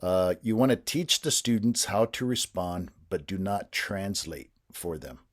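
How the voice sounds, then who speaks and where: Deep-voiced man, patient teacher trainer, steady explanatory delivery. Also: unhurried. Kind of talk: instructional explanation.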